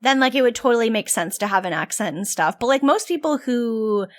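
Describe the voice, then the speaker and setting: Young woman, podcast co-host, higher voice, lively pitch, chatty, laughs a lot, mocking impressions. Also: brisk. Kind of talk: casual chat.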